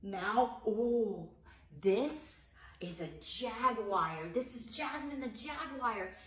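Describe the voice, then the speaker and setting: A woman's voice: a little high, lively intonation, drawn-out words, fairly bright tone. Woman, preschool teacher, sing-song read-aloud with exaggerated yawns, echoey room. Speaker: early childhood teacher.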